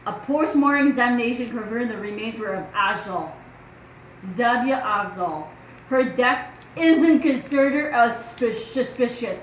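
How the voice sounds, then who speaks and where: A woman's voice: a little high, lively intonation, a little slow, echoey room, slight background noise, rough recording. A woman with a French accent, a true crime vlogger reading news aloud and asking rhetorical questions in casual commentary.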